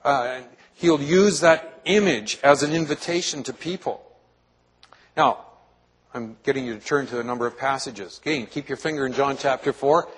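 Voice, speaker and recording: A man's voice: fairly high pitch, fairly bright tone, slight background noise, poor audio. A male pastor preaching a sermon to his congregation in a church, earnestly asking them questions.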